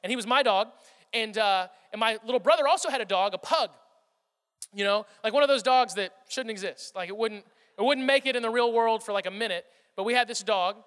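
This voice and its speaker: A man's voice: high voice, brisk, fairly bright tone, in a large hall. A man preaching a sermon in a loose, conversational way, often repeating words and slipping into stories. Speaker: pastor.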